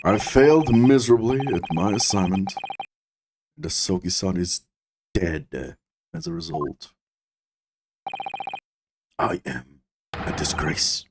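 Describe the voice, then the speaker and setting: A man voicing a weary, bumbling middle-aged police inspector in a low, slow, mumbling voice, reading game dialogue aloud. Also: background noise. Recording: game music behind.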